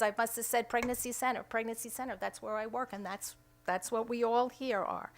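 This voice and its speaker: A middle-aged woman who directs a pregnancy center, giving an emphatic press conference statement at a podium microphone indoors. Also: medium pitch. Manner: emphatic, re-enacts quoted dialogue. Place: indoor room at a state capitol.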